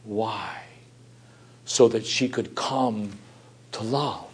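A man preaching a sermon, swinging between loud emphatic rises and quiet, soft passages, and asking his listeners rhetorical questions. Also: lowish voice, extremely slow, pauses often, slightly rough.

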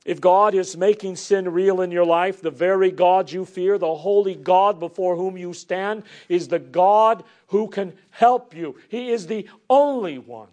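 A man preaching a sermon, earnest, moving between emphatic declarations and hushed, soft passages. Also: sits high, measured pace, few pauses.

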